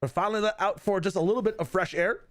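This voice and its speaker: A man's voice: high voice, rapid-fire, fairly bright tone. A young man co-casting a match on stream, joking sarcastically and swearing casually. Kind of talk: casual costream commentary.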